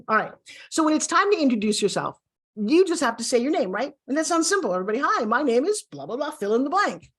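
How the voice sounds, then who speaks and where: A woman's voice: a little high, slightly rough. A middle-aged woman teaching a video course, speaking in an upbeat coaching style straight to the viewer. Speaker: course instructor.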